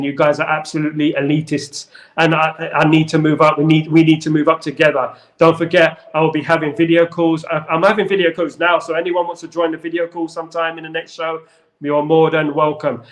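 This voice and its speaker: Rambling, jokey man hosting football chat. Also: a little high. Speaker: football channel host.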